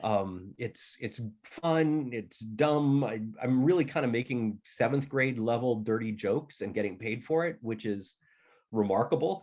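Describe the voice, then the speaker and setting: A middle-aged man talking as an author guest, rambling through casual stories at a medium pitch. He is chatty and now and then acts out how family members sounded. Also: a little mellow. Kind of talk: casual storytelling conversation.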